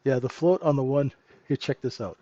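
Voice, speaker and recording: A man's voice: mid-range voice, fairly quick, warm tone, dry recording, highs cut off. A middle-aged man hosting a live trading room, chatting casually and joking with viewers, laughing often. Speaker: trading room host and mentor.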